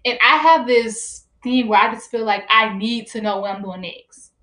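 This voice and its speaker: A woman's voice: a little high, moderate pace, sharp tone. A young woman in college talking casually and animatedly about faith, laughing often and saying "like" a lot. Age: young adult. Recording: roomy echo.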